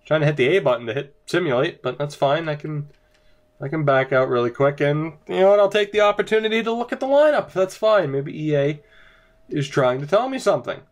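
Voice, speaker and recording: Low-key deadpan young man calling a hockey game. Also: fairly quick. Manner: mostly deadpan and low-key, with sudden high-pitched outbursts of disbelief. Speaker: gaming commentator. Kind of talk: casual let's-play commentary. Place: home room early in the morning.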